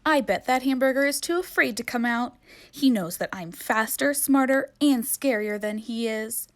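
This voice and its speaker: A woman's voice: a little high, normal speed, pitched above the performer's own voice, natural voice. Woman doing a bragging little girl ghost. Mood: boastful. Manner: bragging, indignant. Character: boastful young female ghost.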